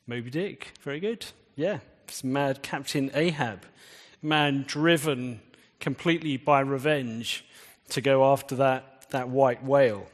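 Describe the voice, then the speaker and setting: In an echoing church hall, a man preaches at an unhurried pace, medium in pitch and with few pauses. He makes the sermon feel like a conversation, quizzing those listening.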